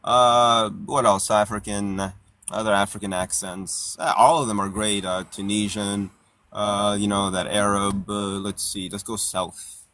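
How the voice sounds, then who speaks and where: A man hosting a casual chat, rambling and animated, laughing often as he talks. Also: lowish voice, a little slow, no echo. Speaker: podcast host. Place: parked car outdoors.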